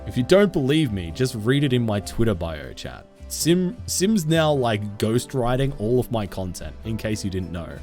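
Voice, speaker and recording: A man's voice: lowish voice, big pitch swings, normal speed, few pauses, a little mellow, faint music behind. Playful man streaming and reading chat. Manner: playful, jokey, reads chat aloud. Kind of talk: casual live-stream chat with viewers.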